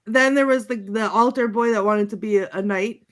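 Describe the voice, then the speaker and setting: A woman's voice: a little high, normal speed, fairly bright tone. A woman on a podcast panel, chatting casually over a video call and recapping movie quotes in a rambling, giggly way, full of fillers and restarts.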